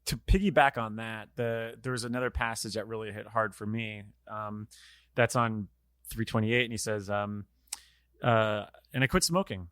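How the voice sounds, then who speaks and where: A man's voice: fairly low pitch, level tone, moderate pace, fairly bright tone, clear, resonant tone, no room sound, studio quality. A man hosting a podcast, talking loosely about a book, rambling and swearing casually. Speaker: podcast host.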